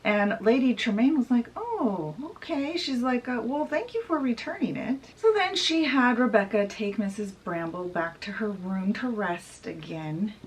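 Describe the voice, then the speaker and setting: A woman's voice: fairly high pitch, animated, unhurried, few pauses. Chatty woman retelling a story, mic slightly distant. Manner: chatty, acts out quoted lines with "she's like"; laughs easily between lines. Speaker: book vlogger. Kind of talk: casual retelling of a novel's plot. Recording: voice a bit off-mic.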